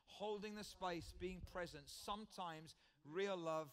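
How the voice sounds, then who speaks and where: British guy preaching in church, fairly high voice, chatty but earnest, keeps repeating his main line. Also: a little slow, fairly bright tone, clear, resonant tone. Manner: earnest, conversational, repeats key phrases. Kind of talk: sermon.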